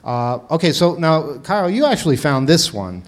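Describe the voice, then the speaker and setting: A man's voice: a little high, very animated, normal speed. Rambling, self-amused man hosting. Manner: rambling, laughs at himself, many restarts. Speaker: podcast host. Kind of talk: casual chat.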